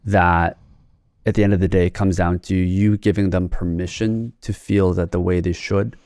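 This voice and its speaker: Podcast host: man, low voice, curious and attentive, dry close sound. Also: steady tone, normal speed, darkish tone, no echo. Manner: attentive, short affirmations, curious questions. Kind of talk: interview conversation.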